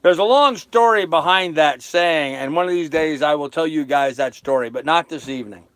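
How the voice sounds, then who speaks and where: A man's voice: a little high, moderate pace, a bit bright, no echo, studio quality. Laid-back older man chatting from his boat. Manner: easygoing, chatty, joking, laughs at his own jokes. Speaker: sailing vlogger on a live stream. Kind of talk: casual live-stream chat, reading viewer comments. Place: small sailboat cabin on a lake.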